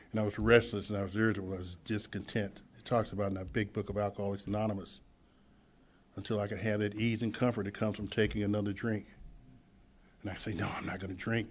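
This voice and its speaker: Man speaker at a recovery meeting, lowish voice, personal testimony, faint room noise behind. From Los Angeles. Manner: storytelling, acts out dialogue, swings from hushed to loud.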